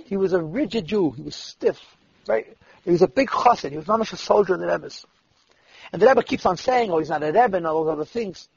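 A man with a high, gravelly voice and a very husky edge tells sermon-like stories, switching into the voices of the people he quotes. The sound is dull and lo-fi, with a close, dry feel and no room echo. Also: brisk. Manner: lively storyteller who voices the people he quotes. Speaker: storyteller at a religious gathering. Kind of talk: sermon-like storytelling.

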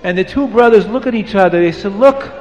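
High-pitched man telling a moral story. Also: fast talker, long reverb tail. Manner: hushes listeners, swings between soft and emphatic.

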